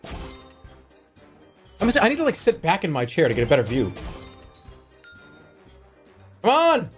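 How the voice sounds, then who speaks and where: A man does live commentary on a game, his pitch jumping wildly between mutters and shouted outbursts. He swears freely and reads the game's lines aloud. Faint game music plays underneath. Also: fast talker. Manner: excitable, swearing, yelps and shouts when things go wrong. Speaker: streamer.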